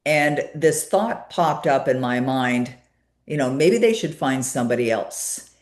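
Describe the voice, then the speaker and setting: Low-voiced woman telling a story. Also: measured pace, roomy sound. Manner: storytelling, animated retelling with many fillers. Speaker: guest. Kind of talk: conversational interview.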